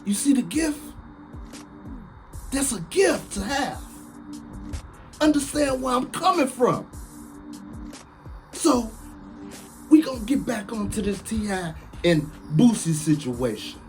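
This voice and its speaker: Slow, preachy man. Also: extremely high pitch, soft background music. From Chicago, USA. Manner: emphatic, preachy, sounds like shouting even when calm. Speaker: online commentator. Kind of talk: casual live-stream monologue.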